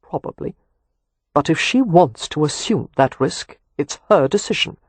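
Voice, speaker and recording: A man's voice: on the high side, expressive, unhurried, no echo. An audiobook narrator voicing a weary, protective Romany man who talks with dry sarcasm and turns earnest when tender. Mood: tense.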